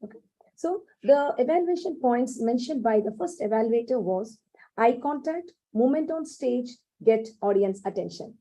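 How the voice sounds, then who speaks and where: A woman carefully reading out project notes as evaluator at a club meeting on a video call, pausing over unsure words. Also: a little high, lively intonation, warm tone, low-quality recording. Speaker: speech evaluator.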